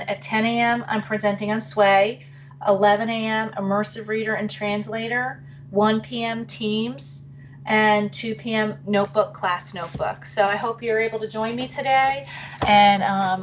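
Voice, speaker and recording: A middle-aged woman leads a live online session for teachers over a computer mic. She talks in a chatty, apologetic way and thinks aloud as she clicks through. Her voice wavers, she keeps clearing her throat, and a faint hum sits behind her. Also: medium pitch, level tone, moderate pace. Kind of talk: live webinar presentation.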